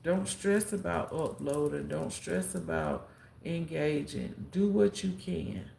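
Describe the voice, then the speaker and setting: A woman's voice: low voice, takes it slowly, gravelly, a little hiss or hum. A woman telling a story on a live stream as a content creator, acting out what people said and giving heartfelt advice. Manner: animated storyteller who acts out quotes and gives heartfelt advice. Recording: roomy echo with faint background ambience.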